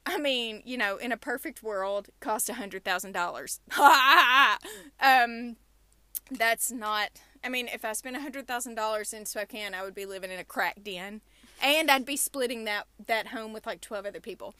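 A young woman rants and tells stories on her casual podcast, her voice high and bright with an animated, fired-up delivery. She records in a small closet booth, so the sound is dry and close, without any room echo. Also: moderate pace. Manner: animated, ranting storyteller. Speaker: podcast host.

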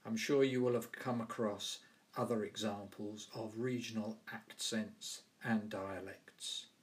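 Southern English host, low voice, very slow and measured. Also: male voice. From London and the South of England. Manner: measured, carefully spoken. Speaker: podcast host. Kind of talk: scripted language explanation.

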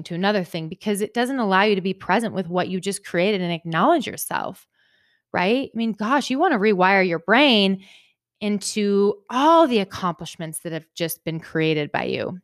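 A young woman talks through her own podcast in an easy, chatty way, often checking in with a quick "right?". Her voice is smooth and clean, and the recording is close and dry with no room sound. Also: medium pitch, fairly bright tone, no room sound. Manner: chatty, upbeat, frequent "right?" tags. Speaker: podcast host. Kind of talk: casual podcast monologue.

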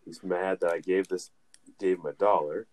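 Male co-host with a very low voice, loose and rambling storyteller who laughs as he goes. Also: steady tone, normal speed, a little mellow. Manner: rambling, laughs while telling stories. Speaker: podcast co-host. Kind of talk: casual storytelling.

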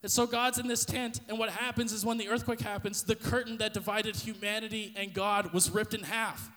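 A man's voice: high voice, steady tone, a little fast, bright, forceful tone, big-room sound. A man preaching a sermon, retelling a story intensely and vividly, with repeated restarts.

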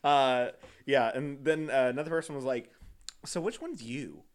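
A young man co-hosting a podcast in casual chat, animated and giggly as he tells stories. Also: mid-range voice, moderate pace. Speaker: podcast co-host.

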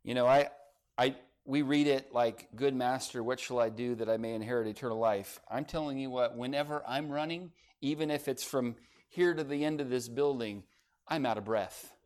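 A man's voice: mid-range voice, normal speed, a little mellow. An older man preaching a sermon, earnest and urgent, asking his listeners direct questions and adding folksy, joking asides. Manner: earnest, rises to urgent emphasis, asks the congregation direct questions; folksy asides and light humor.

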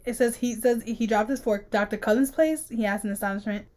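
A woman with a fairly high, warm and mellow voice, chatting casually as a podcast co-host. She recaps a story by acting out the characters' lines, often jumping up in pitch for them. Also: fairly quick. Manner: animated retelling, acting out dialogue with pitch jumps. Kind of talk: casual chat recapping a book chapter.

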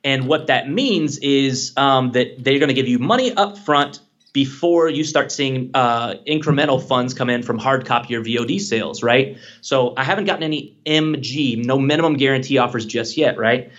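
A man, a filmmaker guest on a podcast, telling stories in a casual, excited way and often saying "man" and "dude". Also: mid-range voice, normal speed, muffled recording.

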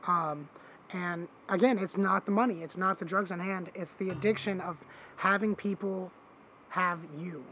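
A man hosting a podcast, telling a long story in casual chat, animated and swearing freely, acting out what others said. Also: sits high, moderate pace, lo-fi sound, slight background noise. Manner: animated, swearing, acts out quoted voices. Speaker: podcast host.

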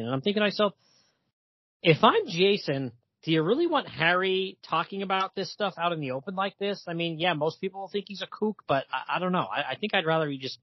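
A man's voice: a little high, animated, fairly quick, dry recording, highs cut off. A man hosting a podcast, casually chatting and reading comic-book dialogue aloud with light emphasis and frequent chuckles. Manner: reads quoted lines with light emphasis, chuckles often. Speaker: podcast host.

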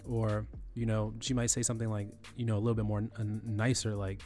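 A man's voice: lowish voice, flat delivery, a little fast, hardly any pauses, mellow, soft background music. A man teaching in a loose, conversational way, often restarting and repeating phrases with fillers. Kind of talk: screen-recorded tutorial on email etiquette.

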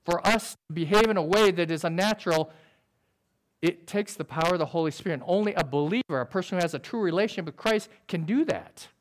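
A man preaching a sermon in an earnest, conversational way, using quick everyday illustrations. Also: sits high. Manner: describes himself as sober by nature.

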